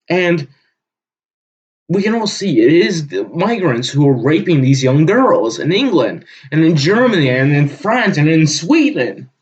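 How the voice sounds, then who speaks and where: A man with a fairly high voice holds forth in a heated, profane solo rant, his pitch swinging widely and his words coming slowly. The recording is dull and lo-fi. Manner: heated, profane ranting with sudden loud bursts. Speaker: channel host. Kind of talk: solo ranting monologue.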